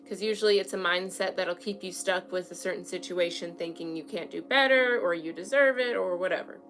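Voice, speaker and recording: A young woman does a casual tarot reading in a home room with an altar, chatty and frank, checking in with her listeners by asking "okay?" again and again. Her voice is medium in pitch and a bit bright.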